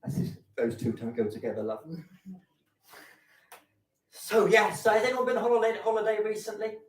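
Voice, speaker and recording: On a fringe festival theatre stage, a man with a high, sing-song voice performs camp, bawdy stand-up at normal speed, switching into put-on voices for his stories. The live room is echoey and he sounds distant.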